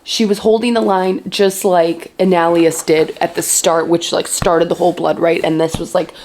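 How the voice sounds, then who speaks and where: A young woman excitedly reacting to a novel as she reads it in a casual vlog. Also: fairly low pitch, normal speed, a little hiss or hum. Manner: gushing, excitable reactions to a book. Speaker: book vlogger. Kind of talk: casual reading vlog commentary.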